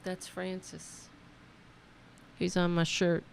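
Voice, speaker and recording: A woman's voice: fairly low pitch, fairly even intonation, slow, vocal fry, long pauses. A woman hosting a political livestream from home, chatting casually to her viewers in a profane, rambling way. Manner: profane, rambling, talks to her audience directly. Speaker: host of a political talk livestream.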